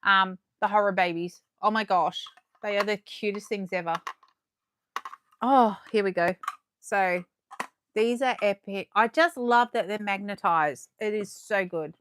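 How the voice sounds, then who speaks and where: A woman chatting excitedly to viewers as she unboxes collectibles live, her voice going a little hoarse. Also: mid-range voice, a little slow, dry recording. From Australia. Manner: chatty and excitable, gasping and laughing, talking to viewers. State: losing her voice. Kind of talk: casual live unboxing chat.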